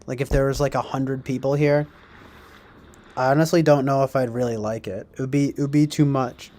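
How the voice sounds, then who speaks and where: A man's voice: medium pitch, steady tone, brisk, darkish tone. A man casually chatting on a livestream, rambling and joking as he reads out viewer comments. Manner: rambling, jokey, reads out chat comments in mock voices. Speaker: livestream host.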